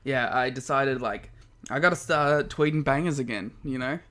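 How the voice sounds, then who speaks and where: A man's voice: medium pitch, moderate pace, bright, forceful tone. A man with an Australian accent co-hosting a podcast, chatting casually in a rambling way and laughing often. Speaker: podcast co-host. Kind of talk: casual chat.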